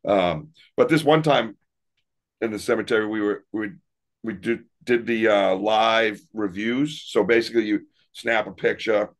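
A man's voice: fairly low pitch, measured pace. A man and paranormal investigator telling stories in a casual interview, rambling and laughing often. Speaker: paranormal investigator and podcast guest.

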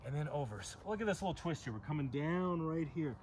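A man's voice: fairly high pitch, lively intonation, quick pace, darkish tone, a little hiss or hum. A man teaches an outdoor yoga flow, calling out poses and breaths in a slightly raised voice. He drops playful jokes between cues. Faint outdoor ambience sits under his voice. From Southern California. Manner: joking asides between pose cues. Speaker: yoga instructor. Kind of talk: guided yoga class.

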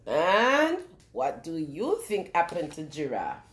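Animated woman reading to small children. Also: low-pitched, slow pace, reverberant. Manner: animated, sing-song, asks the children questions. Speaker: children's storyteller. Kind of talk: reading a picture book aloud to young children.

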